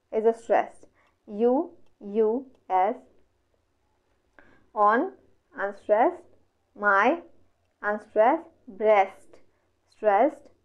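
A woman with an Indian English accent teaching an online exam revision lecture, working through questions step by step and asking herself questions that she then answers. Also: a little high. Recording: dull lo-fi audio.

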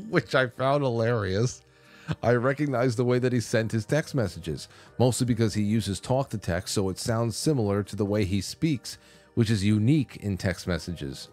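A man's voice: mid-range voice, a little mellow. A man hosting a call-in radio show, chatting casually, reading out phone numbers and reacting to callers. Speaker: radio talk show host. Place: radio studio.

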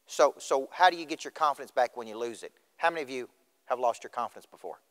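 A middle-aged motivational speaker from Tennessee addresses a school auditorium, questioning the audience directly. His mid-range voice is a bit bright, and the recording carries the auditorium's reverb.

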